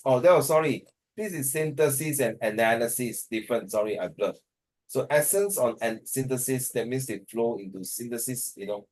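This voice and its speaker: A man's voice: on the low side, darkish tone, poor audio. Man teaching on a video call, tired, rambly and hesitant, switches into mandarin here and there. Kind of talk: online class discussion.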